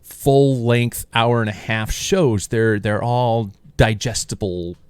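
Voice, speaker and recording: A man's voice: mid-range voice, steady tone, a little mellow, clear, resonant tone, dry recording. A man, a podcast host who works as a sports announcer, chatting enthusiastically with guests. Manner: enthusiastic, quick interjections. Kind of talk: casual interview chat.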